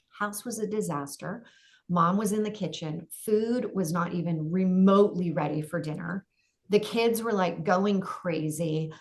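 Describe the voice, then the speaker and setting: A middle-aged woman with a fairly low voice tells her story as a podcast guest. She talks vividly, acting out her own thoughts along the way. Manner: vivid, dramatic storytelling with acted-out inner voices.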